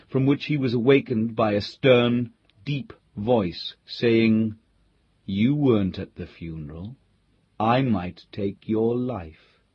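A man reading a classic ghost story aloud, in measured storytelling narration. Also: mid-range voice, husky, highs cut off. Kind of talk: scripted audiobook narration.

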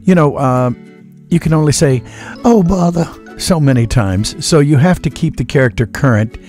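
A man's voice: medium pitch, normal speed, a little mellow, faint music behind. Chatty man telling stories in an interview. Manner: chatty, folksy, acts out voices in anecdotes. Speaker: voice actor guest. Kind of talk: relaxed interview storytelling.

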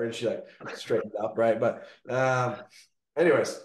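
Chatty business owner in an echoey room. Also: male voice, on the low side, normal speed. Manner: energetic storytelling, frequent "like" and "right?". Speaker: gutter business owner, guest. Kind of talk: casual interview talk.

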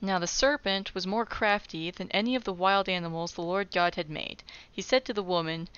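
A woman casually reading scripture aloud and cutting in with wry, exasperated comedic asides that jump into loud, disbelieving outbursts. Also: lowish voice, moderate pace, clear, resonant tone, dull audio. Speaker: comedic Bible reader.

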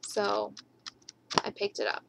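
A woman's voice: medium pitch, sing-song, slow pace, creaky, heavy background noise. A woman showing off her scrapbooking purchases in a casual haul video, gushing and repeating how much she loves each item, with rambling asides.

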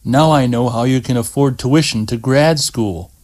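A man voicing an adult male camp leader in an audiobook reading, brisk with a slight edge. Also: mid-range voice, a little mellow, close to an everyday voice.

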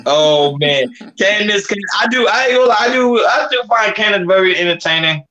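A man's voice: high-pitched, animated, normal speed, sharp tone, lo-fi sound. A man hosting a reaction channel, giving casual commentary with stumbling restarts.

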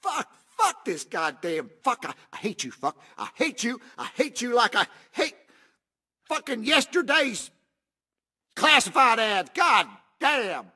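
A man's voice: very high voice, big pitch swings, unhurried, sharp tone, slightly rough, full character voice. A man voicing a foul-mouthed, hot-tempered repairman in a video game, ranting and cursing to himself.

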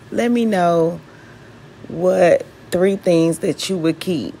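A woman's voice: lowish voice, a little mellow, slight background noise. A woman from Mississippi with a Southern accent, chatting casually to her viewers while she cleans her kitchen and asking them questions. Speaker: home vlogger. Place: home kitchen.

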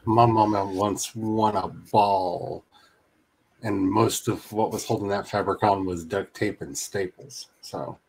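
Sarcastic male gamer, teasing banter, low voice, voice chat. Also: steady tone, slow pace, slightly rough, low-quality recording. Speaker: streamer playing a survival game. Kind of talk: casual gaming chat.

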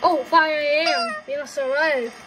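A woman's voice: high voice, fairly even intonation, measured pace, heavy background noise. A young woman playing a horror game and commenting, swearing a lot and sounding jumpy and frightened. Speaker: gamer.

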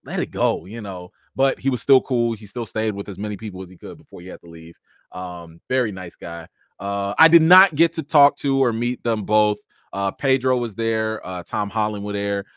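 A man casually telling stories from an awards show, chatty with many fillers, jumping into a high excited voice when acting out his encounters. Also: moderate pace, smooth, no echo, studio quality. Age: adult with a child. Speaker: vlogger recounting an awards show. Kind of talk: casual storytelling chat.

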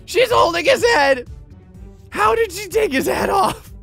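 A man giving excitable let's-play commentary on a video game, often breaking into laughter. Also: very high voice, measured pace, vocal fry, faint music behind. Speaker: gaming YouTuber.

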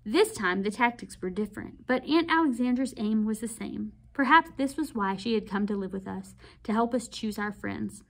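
A woman reads a novel aloud for her read-aloud channel. Her delivery is expressive and measured. Her voice sits fairly high. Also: creaky.

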